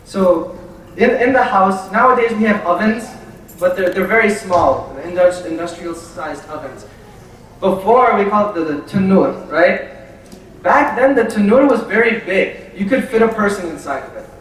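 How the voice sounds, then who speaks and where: Guy giving a talk in a big echoey hall, highish voice, acts out the stories, mic kinda far. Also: normal speed, a little hiss or hum. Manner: animated storyteller acting out quoted dialogue. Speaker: lecturer. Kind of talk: religious lecture storytelling. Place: large hall at a community center.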